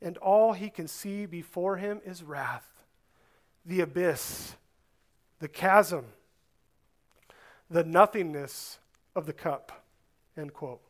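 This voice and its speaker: A male pastor delivers a sermon in a notably high voice and an unhurried, deliberate pace. His delivery is earnest, swelling on emphasized words and sinking low at the close of phrases.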